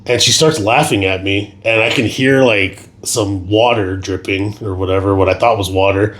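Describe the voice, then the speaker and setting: A young man co-hosting a podcast, chatting casually and telling animated, swear-heavy stories that get loud when he is indignant. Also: lowish voice, moderate pace. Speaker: podcast co-host. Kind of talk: casual chat.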